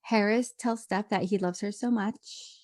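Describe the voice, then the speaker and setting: A woman's voice: medium pitch, fairly even intonation, measured pace, darkish tone. A woman co-hosting a podcast, chatting casually while she recaps a TV episode and laughs often. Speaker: podcast co-host.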